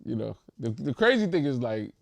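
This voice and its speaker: A man in his thirties from New Jersey hosting a podcast interview, energetic and laughing, his voice bursting loud during stories. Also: mid-range voice, fairly quick, creaky. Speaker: podcast host. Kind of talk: casual interview chat.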